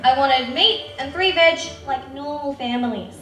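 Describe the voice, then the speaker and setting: A woman's voice: high voice, a little slow, fairly bright tone, reverberant, distant mic, faint music behind, rough recording. A woman telling a personal story on stage in a candid, conversational way. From Australia. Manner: candid, conversational, with small restarts. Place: theatre stage.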